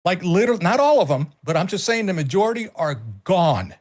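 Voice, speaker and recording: A man's voice: high-pitched, lively intonation, quick pace, darkish tone. A middle-aged man co-hosting a casual political talk stream, emphatic and swearing freely, often repeating himself. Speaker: co-host.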